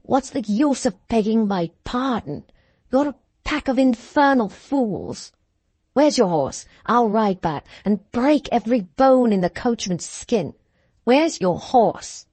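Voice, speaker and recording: A woman's voice: on the high side, animated, slow pace, a little mellow, breathy edge, no echo, full character voice. A woman voicing a blunt, hot-tempered young male athlete in a storybook reading, speaking brusquely and explosively. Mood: angry.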